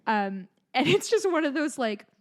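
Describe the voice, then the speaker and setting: A woman's voice: high-pitched, very animated, moderate pace. A woman in her thirties co-hosting a podcast, chatting casually in a rambling way, with swearing and self-deprecating asides. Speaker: podcast co-host. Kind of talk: casual chat.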